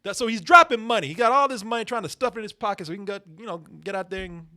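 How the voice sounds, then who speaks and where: A high-voiced man with a lively, swooping delivery hosts a late-night comedy stream. His tone is bright and cutting, and his talk is profane and full of laughter. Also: very fast. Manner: loud laughing, profane, animated. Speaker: host. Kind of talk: comedic live stream banter.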